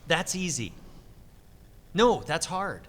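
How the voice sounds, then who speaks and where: A middle-aged man, a voice actor telling stories at a convention interview, animated and acting out quotes with lively swings in pitch. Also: slow pace, long reverb tail. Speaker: voice actor guest.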